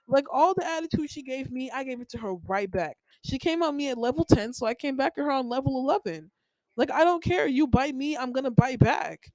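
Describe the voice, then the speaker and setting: A woman's voice: high-pitched, lively intonation, brisk, a little mellow, no echo, rough recording. A young woman hosting a podcast, telling a personal story in a rambling, heated way with lots of filler words. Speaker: podcast host.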